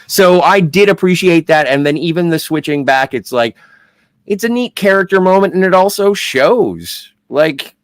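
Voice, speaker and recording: A man's voice: sits high, normal speed, no echo. A man co-hosting a podcast, chiming in with enthusiastic fan reactions. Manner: enthusiastic fan, excitable asides. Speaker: podcast co-host. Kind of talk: casual podcast chat.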